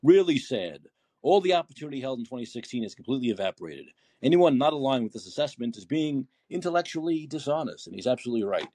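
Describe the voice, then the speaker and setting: A man's voice: medium pitch, very animated, fast, mellow, husky, no echo. A man hosting a political call-in podcast, ranting with rhetorical questions and quoting posts from his feed. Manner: heated, indignant, swearing, rhetorical questions; reads listener posts aloud. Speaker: podcast host. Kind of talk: political commentary monologue.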